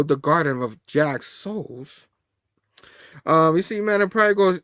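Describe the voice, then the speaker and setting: Guy hosting a comic review, kinda high voice, loose and laughy, dry mic. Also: lively intonation, slow pace, pauses often, fairly bright tone, smooth, no echo. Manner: laughs often, loose, acts out dialogue. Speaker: show host, comic reviewer. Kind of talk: casual comic review chat.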